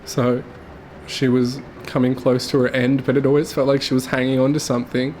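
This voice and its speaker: A young man telling his late mother's story to camera, tearful and halting, with his voice breaking. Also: mid-range voice, monotone, a little mellow, slight background noise. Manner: halting, full of fillers and restarts.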